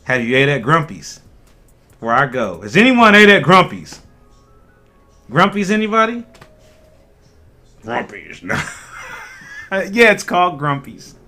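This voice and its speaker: A man's voice: fairly high pitch, unhurried, long pauses, soft background music. A man hosting a casual cannabis livestream, chatting animatedly with viewers and laughing often. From Ohio. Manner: animated, laughing, talks to chat.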